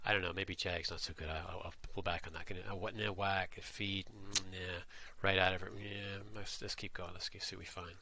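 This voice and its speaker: Man, very low voice, tongue-in-cheek satirical vlog, rambling musing, from atlantic canada. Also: level tone, brisk, few pauses, crowd noise. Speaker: vlogger. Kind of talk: satirical monologue.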